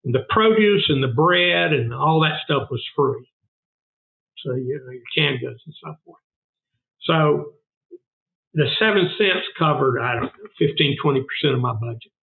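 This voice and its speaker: This older man has a Southern US accent and a fairly high, expressive voice with vocal fry, moving at a moderate pace. A food bank founder and interview guest, he tells earnest stories in a casual chat, repeating himself for emphasis. The audio is narrow and phone-like.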